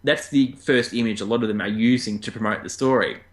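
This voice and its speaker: A man with an Australian accent, co-hosting a casual weird-news podcast and chatting in a lively, joking way. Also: quick pace. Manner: chatty, jumps up in pitch for jokes. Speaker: co-host.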